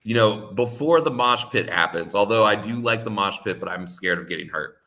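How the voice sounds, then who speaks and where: A man's voice: on the low side, expressive, fairly quick, sharp tone. A man telling a casual story, rambling with lots of "like" fillers and frequent laughs. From United States. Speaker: co-host.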